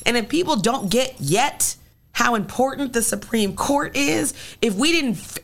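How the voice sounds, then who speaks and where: A woman state senator from Illinois, talking politics in an emphatic, rallying way. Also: medium pitch. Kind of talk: political chat.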